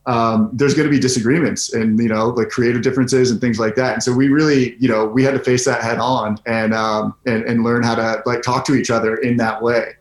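A man's voice: mid-range voice, level tone, fairly quick, hardly any pauses. A man from Southern California talking easygoingly as a guest on a video call, with many "like"s and "you know"s. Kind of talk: casual chat over a video call. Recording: roomy video call audio.

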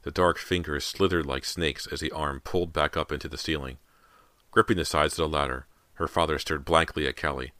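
Very deep-voiced male audiobook narrator. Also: fairly even intonation, brisk, sharp tone, no echo. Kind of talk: scripted horror narration.

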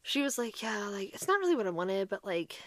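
Woman cohost rambling through a story, bright voice, cusses, acts out the quotes, dry close mic. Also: medium pitch, a little fast, no echo. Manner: animated, swearing, acts out quotes. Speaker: podcast co-host. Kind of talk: casual storytelling chat.

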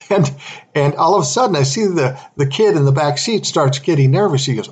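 A man's voice: fairly high pitch, normal speed, breathy edge. A middle-aged man, a music manager, telling a profane story casually, laughing often and acting out what others said. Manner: profane, animated, laughs often, acts out other people's lines.

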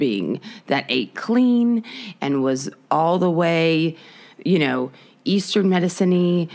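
A young woman co-hosting a podcast in casual chat, candid and rambling, swearing freely. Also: on the low side. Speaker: podcast co-host.

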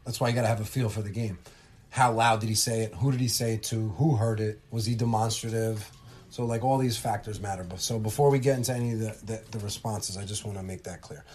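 A man's voice: on the low side, steady tone, fast talker, darkish tone, husky. A man co-hosting a podcast, explaining officiating in a casual, coaching way. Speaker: podcast co-host, basketball referee. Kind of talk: casual instructional chat.

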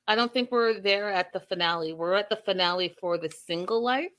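A woman's voice: medium pitch, a little fast, hardly any pauses. A woman casually recapping a reality show episode, reading viewer comments and acting out the people's lines with sassy asides. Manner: animated, acts out quotes with sassy asides.

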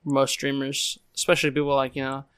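A man's voice: mid-range voice, completely flat delivery, brisk, a loud crowd. A man co-hosting a stream, chatting in a laid-back, agreeable way. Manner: laid-back, agreeable, lots of "dude" and "you know". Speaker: streamer co-host. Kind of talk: casual chat.

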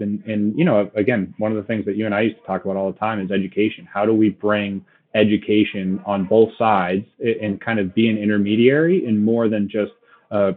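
Man in an interview, lower voice, halting and chatty, thin phone-line sound. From Boston area. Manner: many restarts and "right?" tags, laughs often. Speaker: logistics company guest. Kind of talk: casual interview talk.

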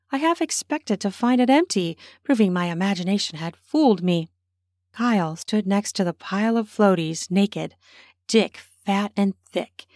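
A woman narrating her own erotic story in a slow, intimate way, slipping into whispers. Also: mid-range voice, a little mellow, no room sound, clean studio sound.

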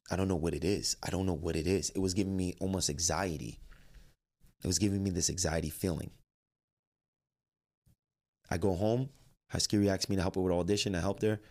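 A man telling a personal story in lively, dialogue-filled storytelling, acting out what he and others said. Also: deep voice. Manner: animated, quotes himself and others in dialogue. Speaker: life coach and trainer.

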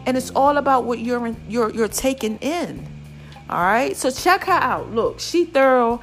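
A middle-aged woman hosting a casual podcast, animated and preachy, calling her listeners "babies" and "y'all". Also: a little high, a little slow, soft background music. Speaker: podcast host. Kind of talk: casual encouraging podcast talk.

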